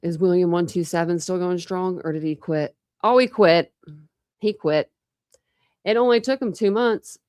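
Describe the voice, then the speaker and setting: True crime host, young woman, slightly low voice, dry close sound, tired, rambling chat. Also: moderate pace, darkish tone, clear, resonant tone, dry recording. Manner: rambling, lots of fillers and restarts. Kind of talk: casual livestream chat with viewers.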